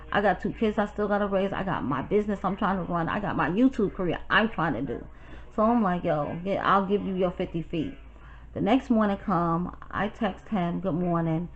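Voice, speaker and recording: A woman from New York telling a personal story to her viewers in a blunt, profane, animated way. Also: fairly low pitch, dull audio. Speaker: YouTuber. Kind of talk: storytime vlog.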